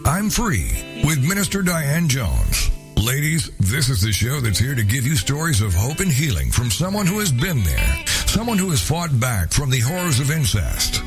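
A man announces the show with a sweeping delivery, his pitch rising and falling widely. Guitar music plays clearly behind him. He reads a dramatic scripted intro. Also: wildly swooping pitch, normal speed.

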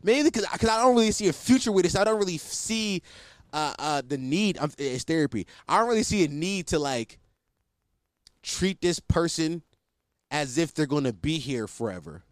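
A man's voice: a little high, expressive, normal speed, dry recording, clean studio sound. A young man telling a story in casual, profane, self-mocking slang to his listeners.

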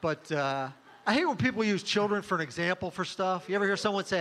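A middle-aged man doing a stand-up comedy set, delivering crude one-liners in a deadpan, offhand way. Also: high voice, fast, a little hiss or hum.

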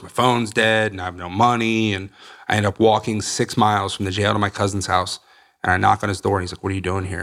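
Blunt man telling his story, low voice. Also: vocal fry, fairly bright tone. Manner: blunt, swears casually, acts out quoted people. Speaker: guest sharing recovery story. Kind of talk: candid storytelling.

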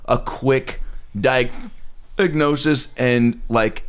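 A man's voice: medium pitch, steady tone, extremely slow, clean tone. A young man co-hosting a podcast in casual chat, breaking into laughing fits and hiccups while joking crudely. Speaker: podcast co-host. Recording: noisy background.

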